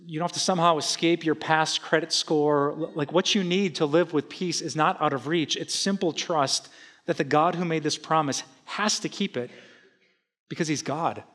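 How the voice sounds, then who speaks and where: A middle-aged man preaching a sermon, lively, casual and joking with his listeners. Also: a little high. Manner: energetic, conversational, humorous. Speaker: pastor.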